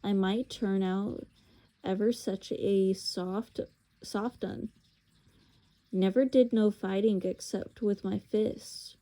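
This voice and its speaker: Woman reader doing a humble cockney cabbie, slow, unsure, soft dark voice. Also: medium pitch. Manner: hesitant, slow, self-effacing. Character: humble male London cabbie, shy, plainspoken.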